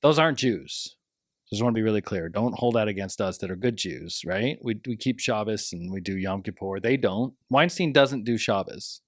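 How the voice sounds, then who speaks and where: A man co-hosting a podcast in casual chat, talking quickly and emphatically. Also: lowish voice, dry recording, clean studio sound. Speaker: podcast co-host.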